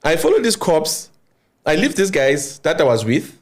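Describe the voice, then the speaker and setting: A man, an interviewee recounting events in casual, slang-filled speech, animated and informal with apologetic asides. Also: fairly high pitch, normal speed. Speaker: interviewee, former crime intelligence source. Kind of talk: casual spoken storytelling.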